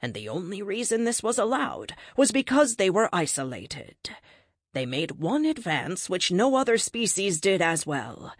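A woman's voice: medium pitch, sing-song, measured pace, breathy edge, no room sound, studio quality. A woman voicing a questioning, frustrated cosmic being in a science fiction story, asking pressing questions. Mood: insistent. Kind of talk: audiobook character reading.

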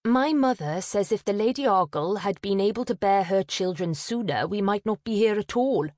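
A woman voices a proud, vain eldest sister who speaks sharply, impatiently and insistently. Her mid-range voice, pitched above her own but near everyday speech, has lively intonation, a darkish tone and a moderate pace, recorded at studio quality with no room sound.

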